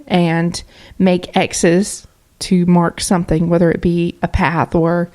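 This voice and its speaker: Chatty lower-voiced woman co-host. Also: little pitch movement, slow, darkish tone. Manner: chatty, rambling, with many fillers. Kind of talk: casual podcast chat.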